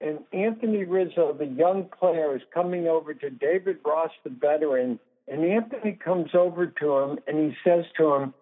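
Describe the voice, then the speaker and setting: A man's voice: fairly high pitch, normal speed, hardly any pauses. A man in his sixties, a guest sports psychologist in a phone interview, talking emphatically and laying out numbered points. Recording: tinny phone line.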